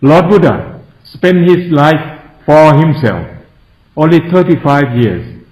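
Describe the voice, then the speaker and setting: A Buddhist monk from Thailand with a Thai accent, giving a Dhamma talk in simple broken English and often asking the listeners if they follow. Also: male voice, fairly high pitch, animated, slow, darkish tone. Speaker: Buddhist monk teaching meditators. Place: meditation centre hall. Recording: echoey, dull lo-fi room recording.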